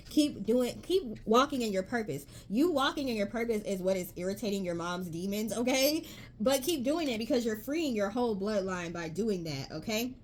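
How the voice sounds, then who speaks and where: A woman's voice: medium pitch, expressive, moderate pace, a little hiss or hum. A woman giving a spoken tarot reading, earnest and encouraging, often checking in with the listener as she reads out card messages. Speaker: tarot reader.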